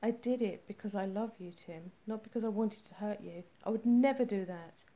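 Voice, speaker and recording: A woman's voice: mid-range voice, normal speed, mellow, lightly acted. A woman reading the part of a remorseful young woman pleading with her partner. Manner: pleading, apologetic. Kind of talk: audiobook character reading.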